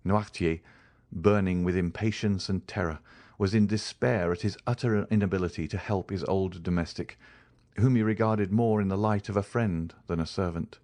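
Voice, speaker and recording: A man reading a classic novel aloud as an audiobook narrator, in a measured, dramatic way. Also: deep voice, darkish tone, no echo. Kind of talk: scripted narration.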